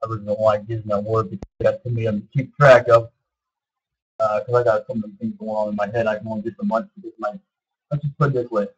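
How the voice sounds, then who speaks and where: Vlogger, male, early 30s, husky voice, meandering delivery, dull lo-fi recording. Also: fairly low pitch, level tone, fast. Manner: meandering, repeats himself, many fillers. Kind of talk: rambling casual monologue.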